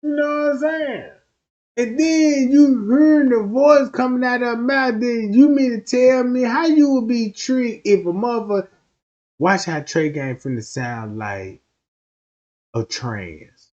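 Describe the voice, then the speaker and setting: A man's voice: very high-pitched, lively intonation, a little slow, darkish tone, lo-fi sound. A man doing rowdy, profane comedic commentary on a stream.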